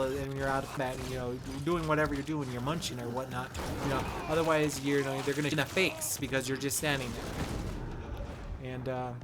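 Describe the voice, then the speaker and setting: A man's voice: on the high side, noisy background. A man hosting a casual game guide, talking in a playful, rambling, jokey way. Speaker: gaming channel host.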